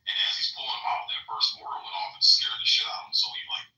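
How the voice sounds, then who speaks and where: A man's voice: fast, pushed and bright, reverberant, far from the mic, rough recording. A man telling profane, rambling stories in a casual chat.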